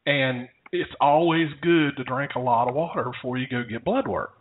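A man's voice: mid-range voice, moderate pace, slight background noise. A man casually telling a rambling story to his co-host, often chuckling. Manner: rambling, chuckling anecdote teller. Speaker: podcast co-host. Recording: tinny phone-like audio.

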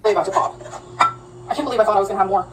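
A woman's voice: medium pitch, very fast, far from the mic. A woman rambling chattily to her viewers in a casual cooking and eating vlog. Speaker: vlogger. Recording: noisy audio from off-mic.

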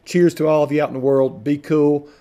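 A man's voice: fairly high pitch, level tone, fairly quick, dark tone. A middle-aged man giving a casual screen-recording tutorial, folksy and rambling, often correcting himself mid-sentence. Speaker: video tutorial host.

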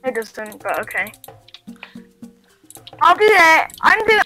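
A woman's voice: high-pitched, big pitch swings, slow, bright, forceful tone, faint music behind, rough recording. A woman chatting casually while playing a building game, rambling, giggling and correcting herself as she goes. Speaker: gaming YouTuber. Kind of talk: casual gameplay chat. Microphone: webcam and headphones at a computer.

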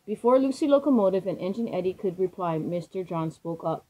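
A woman reading a children's storybook aloud in a gentle, expressive way. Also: fairly low pitch, a little fast, hardly any pauses, poor audio.

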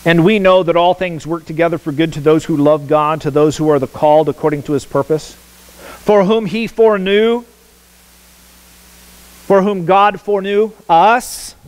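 A man's voice: a little high, moderate pace, clear, resonant tone, poor audio. A man preaching a sermon as pastor, emphatic, repeating words for stress and asking the congregation questions. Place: church sanctuary.

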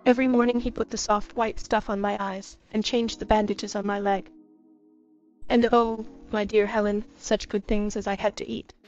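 A woman narrating a classic children's story in a steady, even reading. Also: mid-range voice, moderate pace. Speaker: audiobook reader. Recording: slightly muffled with faint music.

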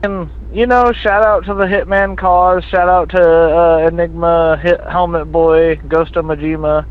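A man's voice: a little high, unhurried, smooth. A drunk man calling into a stream show, chatting casually and hesitantly. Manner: relaxed, hesitant, lots of uh. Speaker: caller. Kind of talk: casual call-in chat. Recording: tinny phone line.

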